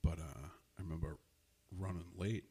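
A man's voice: sits low, fairly even intonation, moderate pace, mellow, breathy edge. A man in casual podcast chat, telling a profane story and acting out his own lines. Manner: profane storyteller, quotes himself. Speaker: podcast co-host.

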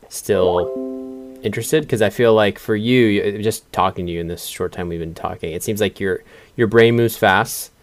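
Man, podcast host, low pitch, rambling questions, dry recording. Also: no echo. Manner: rambling, searching questions with restarts. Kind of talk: interview questions, conversational.

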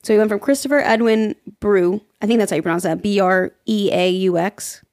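Giggly woman with vocal fry. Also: mid-range voice, brisk, a little mellow, dry recording, studio quality. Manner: chatty, giggly, reads out trivia. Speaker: podcast co-host. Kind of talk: casual podcast chat.

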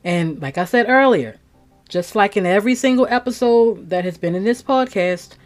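A woman's voice: mid-range voice, expressive, normal speed, soft background music. Blunt woman hosting a true crime podcast. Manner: blunt, outspoken, plain-talking. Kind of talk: casual podcast commentary.

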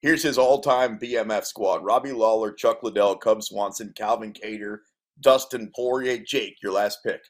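A man's voice: fairly low pitch, moderate pace. Hyped-up male sports radio host. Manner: emphatic, hyped-up, sells each pick. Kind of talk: casual sports radio banter.

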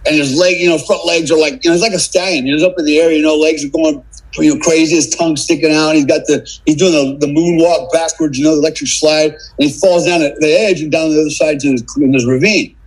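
A man's voice: fairly high pitch, fairly even intonation, fast talker, low-quality recording. A middle-aged man from the United States, a podcast guest telling a casual story with swearing, tagging lines with "man" and "right?". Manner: salty, swearing, keeps adding "man" and "right?".

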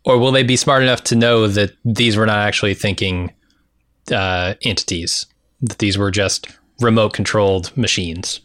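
A man co-hosting a casual podcast, calmly summarizing an episode from his notes. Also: fairly low pitch, moderate pace, no echo, studio quality. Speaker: podcast co-host. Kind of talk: casual TV recap chat.

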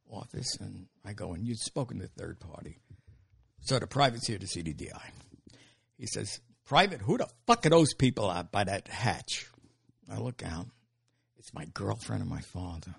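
An older man telling stories as an interview guest, animated and laughing, with casual swearing. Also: on the low side, creaky, husky. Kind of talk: storytelling in an interview.

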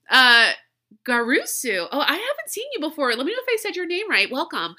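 A woman's voice: sits high, wildly swooping pitch, a little fast, bright, forceful tone. A woman, hosting a casual solo podcast, candid and emotional, congested from crying and allergies. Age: 30s. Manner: candid, emotional, swearing, laughing often. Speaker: podcast host.

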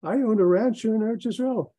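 A man's voice: high-pitched, brisk, dark tone, no echo, pitched above the performer's own voice. A man doing a wry Israeli landowner. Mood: deadpan.

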